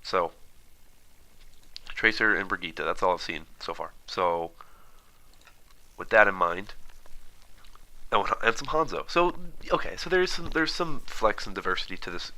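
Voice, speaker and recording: Man, deep voice, sharp bright tone, fast rambling talk, lots of "uh" and "um". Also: expressive, poor audio. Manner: fast, rambling, many fillers and restarts. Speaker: esports commentator. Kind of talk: casual analysis while watching footage.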